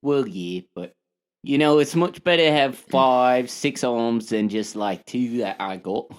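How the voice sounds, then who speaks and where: A man's voice: mid-range voice, a little slow, natural voice. A man voicing a friendly, easygoing male creature adventurer who calls people mate.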